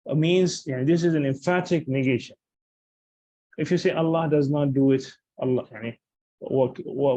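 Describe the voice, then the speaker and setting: Guy teaching grammar, talks fast, dark mellow voice, dry muffled lo-fi sound, lots of uh and restarts. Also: a little high, no room sound. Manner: explains in English, recites Arabic quickly, many fillers and restarts. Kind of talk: recorded lesson explaining grammar.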